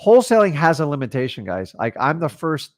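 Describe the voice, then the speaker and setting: A man's voice: a little high, sing-song, brisk, no echo, studio quality. A man co-hosting a casual livestream chat, coaching in a blunt, emphatic, motivational way. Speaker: co-host and wholesaling coach.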